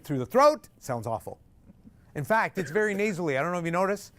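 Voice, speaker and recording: A man's voice: high-pitched, sing-song, fast talker, a bit bright. A man teaching a group singing workshop, joking and singing lines to demonstrate. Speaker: singing instructor.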